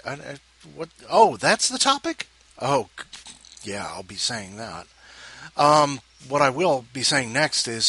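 A man's voice: medium pitch, expressive, normal speed, pushed and bright, breathy edge. A man hosting a podcast in casual chat, rambling with self-mocking asides. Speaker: podcast host.

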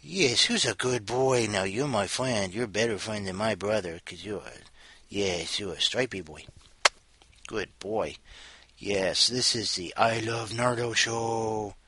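Husky-voiced man chatting to his cat. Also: lowish voice, a little slow, pushed and bright. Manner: rambling, playful, jokey asides. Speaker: podcast host. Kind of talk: casual chat, talking to his cat.

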